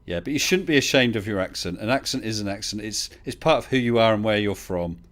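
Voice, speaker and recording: A man's voice: on the low side, quick pace, a bit bright. A man from the UK hosting a casual live online chat, chatty and teasing, laughing often. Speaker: livestream host.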